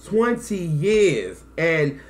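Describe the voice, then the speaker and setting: Man, thirties, casual storytelling to camera, slangy, lively, emotional. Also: on the high side, extremely slow. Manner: animated, acts out quotes, slangy. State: emotional, close to tears. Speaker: music vlogger.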